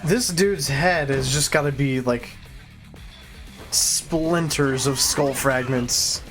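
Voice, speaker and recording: A man's voice: medium pitch, slow, music in the background. A man live-streaming a video game, casually thinking aloud as he plays. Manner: relaxed, thinking aloud while playing.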